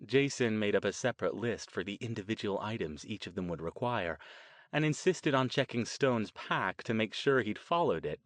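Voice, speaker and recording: A man reading an audiobook as narrator with steady, even storytelling. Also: fairly low pitch, dry recording. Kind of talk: scripted narration.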